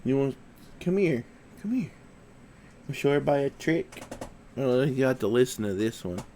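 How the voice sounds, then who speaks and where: A man's voice: medium pitch, lively intonation, moderate pace, mellow, slight background noise. A man hosting a casual livestream, sniffly from allergies, chatting in an easygoing way and coaxing his dog to do tricks. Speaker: livestream host.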